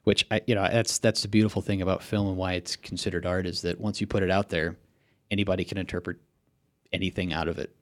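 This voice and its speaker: A man with a low voice sharing his views in a relaxed podcast chat. He pauses often and fills the gaps with "uh" and "you know" while he works out his thoughts. The recording is close and dry, with no room sound. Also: dry recording. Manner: thoughtful, hesitant, many fillers. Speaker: podcast co-host. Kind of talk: casual film discussion.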